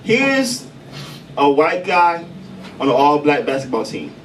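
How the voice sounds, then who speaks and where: A man from Chicago doing stand-up comedy in a coffee house, loose and profane with deadpan punchlines. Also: fairly high pitch, unhurried. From Chicago, USA. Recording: distant mic, noisy café room.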